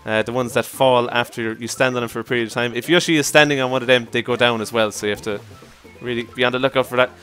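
A man giving casual commentary over his own gameplay, excitable, often exclaiming and laughing at his mishaps. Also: medium pitch, fast talker, hardly any pauses, faint music behind. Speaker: let's play commentator.

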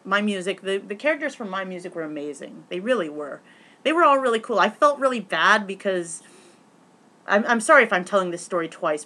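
A woman vlogger rambling through a story in casual chat, excitable, with many fillers and restarts. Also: mid-range voice.

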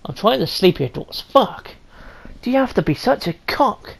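A woman's voice: mid-range voice, expressive, normal speed, creaky. A woman playing a story game on a stream, swearing constantly in brash, jokey commentary. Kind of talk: profane casual gameplay commentary.

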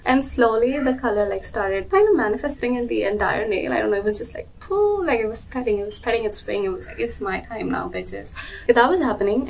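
Chatty young woman vlogger, distant mic. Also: a little high. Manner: rambling, lots of "like", animated retelling. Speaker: beauty vlogger. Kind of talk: chatty storytime while doing makeup.

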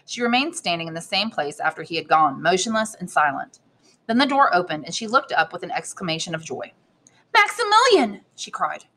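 A woman teacher reads a classic novel aloud, her tone bright and forward with a somewhat low pitch. She reads the narration steadily and lifts her voice noticeably for the characters' speech. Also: a little fast. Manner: expressive reading, raises pitch for quoted characters. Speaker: English teacher reading aloud.

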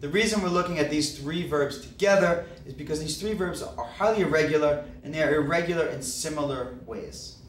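A man teaching a grammar lesson in a patient, explanatory way, often pausing on "uh" and "okay". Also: fairly high pitch. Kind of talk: classroom grammar lecture. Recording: roomy, distant mic, faint background hiss.

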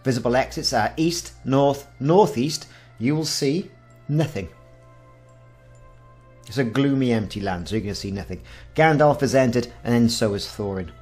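A man's voice: medium pitch, normal speed, pauses often, a little mellow, faint music behind. A man in his forties hosting a casual game walkthrough, reading the game's text aloud with wry asides. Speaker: gaming channel host.

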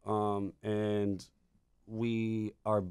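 A man's voice: on the low side, completely flat delivery, drawn-out words, darkish tone, clear, resonant tone. A young man, a podcast guest, telling a story in casual chat that rambles and restarts, full of swearing. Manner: rambling, profane, many restarts.

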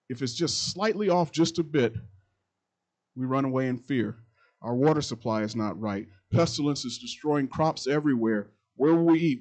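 A middle-aged man, a pastor, preaching a sermon that repeats its phrases and swings between loud and quiet passages. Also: mid-range voice, rough recording.

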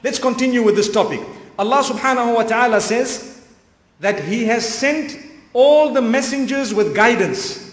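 A man's voice: extremely high pitch, moderate pace. A man preaching an earnest, emphatic sermon to a congregation, often using Arabic phrases. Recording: echoey hall, long reverb.

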